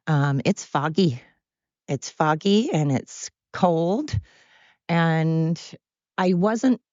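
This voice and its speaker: A woman's voice: deep voice, dark tone, no echo, dull audio. A woman hosting her own podcast, chatting casually and self-deprecatingly, drifting from one thought to the next. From Oregon, USA. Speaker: podcast host. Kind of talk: casual rambling monologue. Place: home with dogs.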